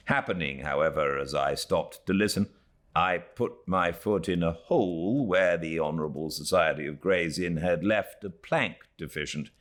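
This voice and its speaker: A man's voice: low voice, normal speed, fairly bright tone. A British man reading a classic novel aloud as an audiobook narrator at home by a fireplace, telling the story expressively. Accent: British English. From Britain.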